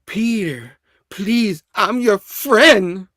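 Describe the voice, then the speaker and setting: A man's voice: high voice, slow pace, a bit bright, no room sound, clean studio sound, exaggerated voice. A man voicing a beaten-down male villain who whimpers and pleads. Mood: pleading.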